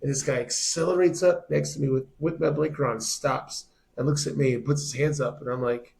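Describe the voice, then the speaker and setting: A man chatting casually as a musician guest, telling stories in a soft, laid-back way with some swearing. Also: mid-range voice, fairly quick, vocal fry, few pauses. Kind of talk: casual chat.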